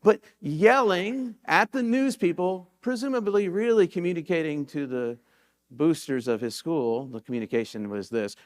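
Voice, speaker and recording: Higher-voiced male pastor preaching conversationally. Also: expressive, moderate pace. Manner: conversational storytelling preaching, repeats key points for emphasis. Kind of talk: sermon. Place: church sanctuary.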